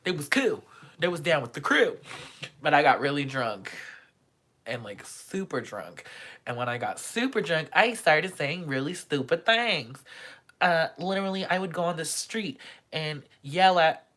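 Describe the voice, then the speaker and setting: A young woman vlogging a casual storytime monologue, animated and dramatic, crude and joking. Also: low-pitched, measured pace.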